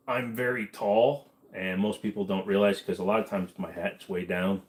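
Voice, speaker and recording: A man hosting a casual livestream, rambling and joking as he reads chat comments aloud and answers them. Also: fairly low pitch.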